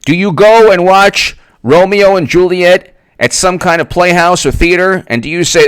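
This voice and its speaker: A man delivers a political commentary monologue, his pitch swinging widely as he goes. He talks in a sarcastic, rambling way. The recording is dry and close. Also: expressive, unhurried, fairly bright tone, clean tone, no room sound. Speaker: political commentator, channel host.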